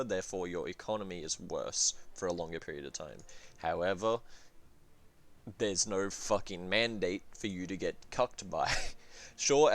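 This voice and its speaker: A man casually reviewing a strategy game campaign, rambling and swearing, with lots of fillers and restarts. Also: sits low. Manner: rambling, profane, full of fillers and self-corrections.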